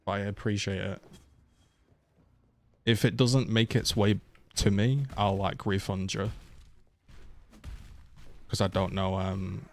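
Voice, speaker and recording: Low-voiced young man streaming games casually. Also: flat delivery, slow, pauses often. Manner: laid-back, swears a lot, thanks viewers for donations. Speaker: game streamer. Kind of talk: casual live-stream chat.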